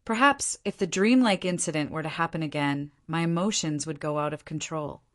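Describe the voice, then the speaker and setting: A woman's voice: low voice, brisk, natural voice. A woman reading the inner thoughts of a brooding young male hero in a storybook, uneasy and reflective. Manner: inward, uneasy musing.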